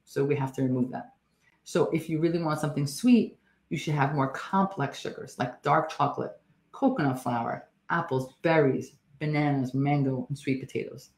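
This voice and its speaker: A nurse practitioner giving a health education talk in a chatty, emphatic way, with joking asides. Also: mid-range voice. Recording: roomy echo.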